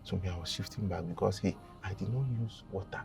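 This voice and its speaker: Gravelly Nigerian man telling a story. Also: low-pitched, quick pace, recorded from a distance, soft background music. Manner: animated, dramatic storytelling with acted quotes. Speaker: guest. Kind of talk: casual confession storytelling.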